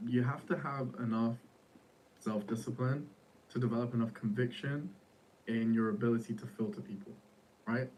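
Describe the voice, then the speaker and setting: A man's voice: mid-range voice, steady tone, moderate pace, a little mellow. Casual young guy in a podcast chat, slightly distant mic, faint room hum. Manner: casual, slangy, says "bro" and "like" a lot. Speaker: founder of an AI startup.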